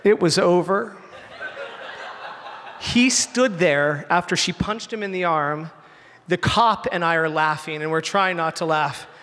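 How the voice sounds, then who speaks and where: A man telling a true personal story on stage before a live audience, animated and slowing down for punchlines. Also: fairly high pitch. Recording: hall reverb, faint ambience.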